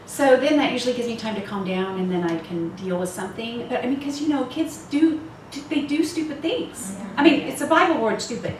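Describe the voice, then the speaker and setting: A woman's voice: a little high, brisk, hardly any pauses. A woman in her fifties speaking candidly to a women's retreat, laughing often and poking fun at herself. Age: 50s. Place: retreat meeting room. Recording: echoey room, far mic, noisy.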